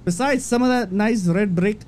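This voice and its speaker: A man reading out a brash male fighter's boast in a halting mock Irish accent. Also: a little high, mellow, voice pushed down, close to an everyday voice. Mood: boastful reading. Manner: halting, stumbling read-aloud.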